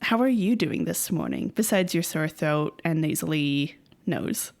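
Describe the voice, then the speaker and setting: A woman co-hosts a podcast in loose, casual chat. Her voice sits a little low, and she laughs easily and often, with plenty of fillers between her thoughts. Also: lively intonation, a little slow, vocal fry, darkish tone. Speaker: podcast co-host.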